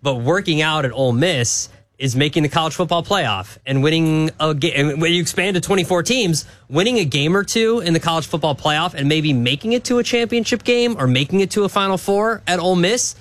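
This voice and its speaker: Joking sports radio co-host. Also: male voice, a little high, fairly quick, hardly any pauses, fairly bright tone. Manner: teasing, joking. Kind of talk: casual radio chat.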